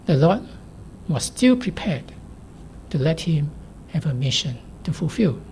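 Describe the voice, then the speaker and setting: Woman preacher, low mellow voice, measured and emphatic, soft near-whispers, faint hiss behind. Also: sing-song. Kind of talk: sermon.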